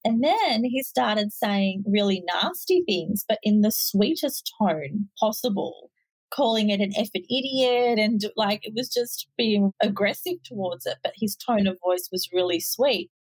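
A woman's voice: mid-range voice, lively intonation, unhurried, few pauses, slightly rough, no room sound, poor audio. A woman hosting a podcast interview, telling stories and asking questions in a chatty, casual way. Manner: chatty storytelling. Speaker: podcast host.

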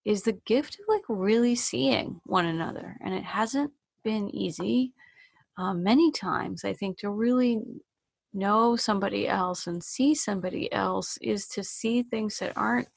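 A woman interviewer speaking slowly and gently, thoughtful, often pausing and restarting. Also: medium pitch, gravelly, breathy edge, no echo. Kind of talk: personal interview.

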